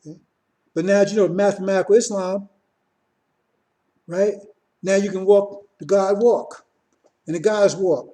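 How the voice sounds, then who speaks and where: In an unhurried, steady-toned informal sermon, a man with a high-pitched but dark voice pauses often. He circles back on short phrases, restarts a lot, and repeatedly asks his audience "see?"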